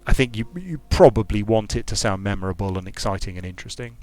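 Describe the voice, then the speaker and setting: A man's voice: fairly low pitch, animated, quick pace, no room sound, soft background music. A man giving casual commentary while playing a strategy game, thinking aloud with frequent restarts and repeated words. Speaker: streamer and game designer.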